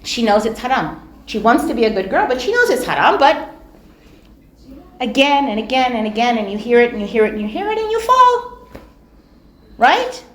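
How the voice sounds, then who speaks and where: एक महिला जो धार्मिक व्याख्यान में कहानियाँ सुनाती है, जोश से बोलती है और बात पर ज़ोर देने के लिए शब्द दोहराती है। उसकी आवाज़ ऊँची है, और वह एक गूँजते हॉल से सुनाई देती है।. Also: female voice, on the high side, moderate pace, pauses often. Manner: animated, acts out quoted voices, repeats words for emphasis. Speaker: Islamic lecturer. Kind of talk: storytelling religious lecture. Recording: echoey hall.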